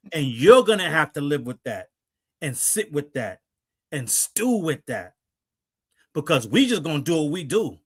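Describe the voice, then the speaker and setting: A man's voice: a little high, sing-song, a little slow, pauses often, fairly bright tone, breathy edge. A man speaking in a defiant, preachy way on a podcast, repeating his points for emphasis. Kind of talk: casual commentary.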